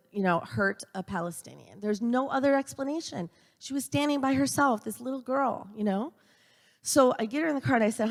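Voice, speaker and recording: A middle-aged woman giving an earnest storytelling speech at a church event, halting now and then with fillers and restarts. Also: mid-range voice, steady tone. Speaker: speaker at a church event for a university. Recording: long church reverb.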